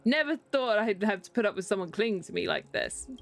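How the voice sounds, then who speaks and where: A British woman reading the lines of a gruff, foul-mouthed male cowboy robot from a game, in a brash tone. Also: mid-range voice, lively intonation, brisk, faint music behind. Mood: annoyed. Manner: brash, cursing.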